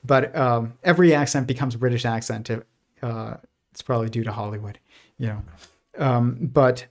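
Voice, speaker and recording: A man's voice: medium pitch, steady tone, moderate pace. A man talking through his thoughts on a casual livestream, with a mid-range voice. He rambles, restarts his sentences, and leans on fillers. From United States. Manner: rambling, many restarts and fillers, laughs softly. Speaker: host.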